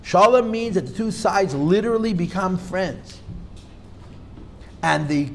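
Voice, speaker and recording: This rabbi leads a class in a forceful lecture style, restating his central points and blending Yiddish and Hebrew terms into English. He speaks at a measured pace in a high-pitched, expressive voice.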